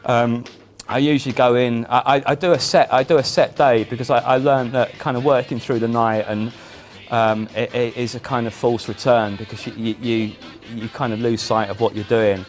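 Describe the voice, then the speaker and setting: A man, a musician guest in a casual chat, telling animated stories with frequent restarts. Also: medium pitch, moderate pace, few pauses. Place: indoor chat.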